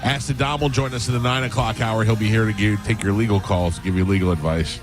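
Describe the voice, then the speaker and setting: A low-voiced man hosts a morning radio show in loose, joking banter. Music plays clearly behind him as he talks. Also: fairly even intonation, fast.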